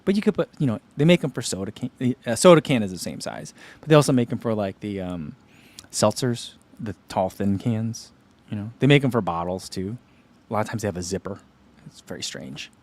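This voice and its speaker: A man's voice: lowish voice, expressive, a little fast, a little mellow. A man hosting a running channel, chatting casually on a livestream and answering viewer comments, rambling with lots of "like" and "you know.".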